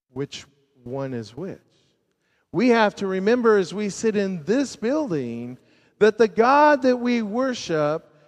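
High-voiced pastor preaching in a reverberant church. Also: male voice. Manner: dramatic swings between loud emphasis and hushed low endings. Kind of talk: sermon. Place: church sanctuary. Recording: long reverb of a large church.

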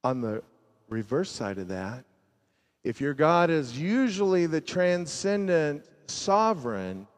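A man preaching a sermon as pastor, swinging from loud emphasis to hushed, low endings. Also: big pitch swings, takes it slowly. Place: church sanctuary. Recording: long reverb of a large church.

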